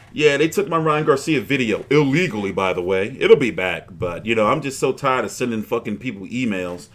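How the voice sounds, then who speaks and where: Animated profane boxing stream host. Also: male voice, mid-range voice, moderate pace. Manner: profane, rambling, frustrated. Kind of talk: casual livestream chat.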